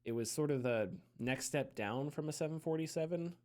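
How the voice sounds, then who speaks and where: A man's voice: a little high, brisk, darkish tone. Rambling, chuckling male podcaster. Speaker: podcast co-host. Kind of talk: casual chat.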